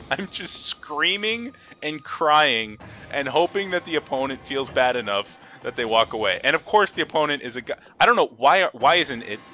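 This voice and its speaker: A young man giving casual, excitable commentary on his own card game, swinging from low mutters to high yelps, laughing and swearing. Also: a little slow, faint music behind. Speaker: gaming video host.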